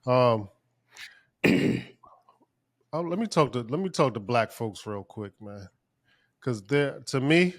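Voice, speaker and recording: Man, mid-pitched voice, podcast co-host, profane, heated, climbing pitch when fired up. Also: takes it slowly, pauses often. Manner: animated, voice climbing when worked up. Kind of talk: casual podcast conversation.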